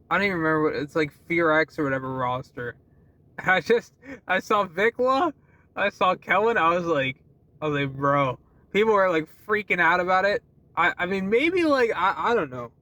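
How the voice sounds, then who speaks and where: A young man talks to his camera in a loose, rambling way, with a lot of laughter and swearing. His voice sits high for a man. His sentences often stall and restart. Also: sharp tone, no room sound. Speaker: vlogger. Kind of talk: casual rambling vlog.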